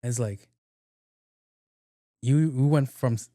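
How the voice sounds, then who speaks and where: A middle-aged man, hosting a podcast and telling casual stories, profane and animated, laughing often. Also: medium pitch, slow, no room sound, clean studio sound. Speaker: podcast host. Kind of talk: casual storytelling monologue.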